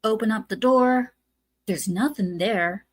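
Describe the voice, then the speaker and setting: A woman's voice: fairly high pitch, measured pace, no room sound. A woman hosting a casual movie review podcast, retelling scenes step by step with lots of "uh"s. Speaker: podcast host.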